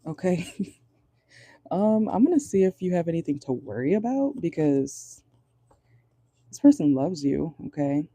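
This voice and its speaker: A tarot reader doing a casual reading from inside a car, pausing often while channeling, swearing and laughing nervously. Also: medium pitch, sing-song, mellow, dry recording.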